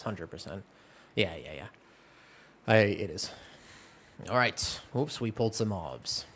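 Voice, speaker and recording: A man chatting casually on a live game stream from a room at home, in a relaxed, rambling, self-deprecating way. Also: on the low side. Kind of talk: casual live-stream chat while gaming.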